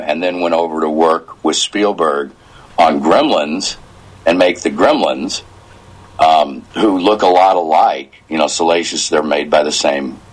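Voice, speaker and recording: A man's voice: deep voice, low-quality recording. A man in his fifties, a voice actor from the United States, telling stories in a casual interview and getting emotional as he quotes himself. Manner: emotional, animated storytelling with quoted asides.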